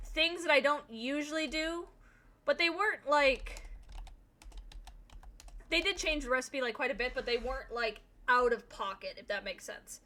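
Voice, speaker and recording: Young woman, streamer, bright tone, fairly high voice, rambling casual chat, swears. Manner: rambling storyteller, lots of fillers and swearing.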